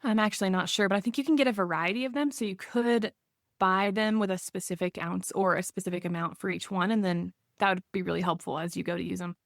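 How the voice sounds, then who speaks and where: A woman at a middle pitch chats casually as a podcast co-host, rambling a bit with plenty of likes and ums. Her voice sounds close and dry, with no echo. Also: fast talker.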